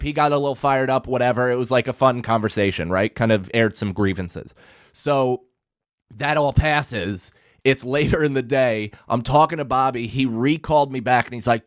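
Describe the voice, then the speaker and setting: A man's voice: mid-range voice, no echo, studio quality. Profane man telling a heated story. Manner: heated, profane, acts out quotes. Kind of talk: casual storytelling.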